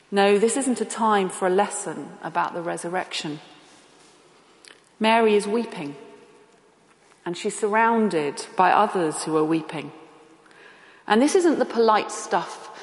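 In an echoey hall with long reverb, a woman with a medium-pitched voice preaches a sermon. She speaks deliberately and emphatically, posing rhetorical questions.

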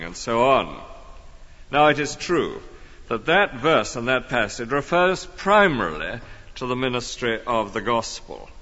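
A man's voice: mid-range voice, unhurried. Guy preaching in church, voice goes up and down a lot, dull echoey recording. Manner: earnest, lively emphasis. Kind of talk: expository sermon.

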